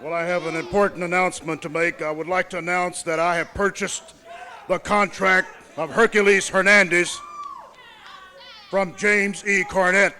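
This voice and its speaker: A man's voice: high-pitched, flat delivery, moderate pace, sharp tone. A man cutting a wrestling promo as a manager, pompous and commanding, stressing words for effect.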